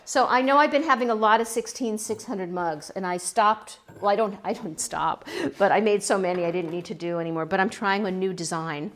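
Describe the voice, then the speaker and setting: A woman's voice: medium pitch, fairly quick, slight background noise. A middle-aged woman from California chatting casually about her pottery and a local winery, emotional and laughing as she fights back tears. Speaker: pottery vlogger. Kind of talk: casual chat.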